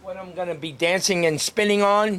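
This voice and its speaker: A man's voice: sits high, steady tone, brisk, fairly bright tone. A man working as a street greeter and podcast host, chatting casually and cheerfully with passersby outdoors on a town street and laughing often.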